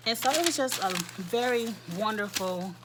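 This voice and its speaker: A woman's voice: a little high, animated, moderate pace, heavy background noise. A woman hosting a casual recap of a reality show, chatty and repeating her points for emphasis. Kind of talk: casual commentary.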